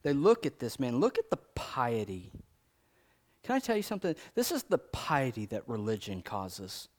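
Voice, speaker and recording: A man preaching a sermon, acting out scripture with big swings between loud, quick lines and low, slow King James readings. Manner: animated, dramatizes scripture quotes with big swings in pitch and loudness.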